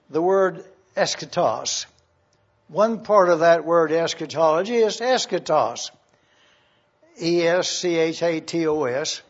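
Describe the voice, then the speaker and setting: A man preaching a teaching sermon, reading scripture aloud and slowly spelling out terms. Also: high voice. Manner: slow and deliberate, spelling out terms. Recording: dull lo-fi sermon recording.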